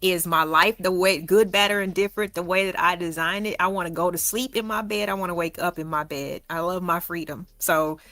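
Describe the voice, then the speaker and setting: A woman hosting a casual online talk stream in a relaxed, unhurried manner. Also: lowish voice, dry recording. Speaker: host. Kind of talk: casual chat.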